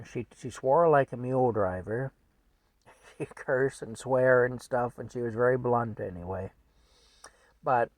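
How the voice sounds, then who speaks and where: An older man tells an old family story in a loose, rambling, folksy way, chuckling as he goes. His voice is gravelly at a middle pitch. The sound is dry and close, with no room around it. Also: no room sound, rough recording.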